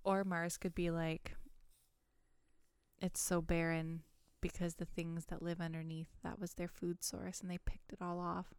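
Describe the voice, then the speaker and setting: Smooth-voiced woman in relaxed chat. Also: on the low side, measured pace, dry recording. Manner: relaxed, agreeable, adds ideas. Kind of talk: casual chat.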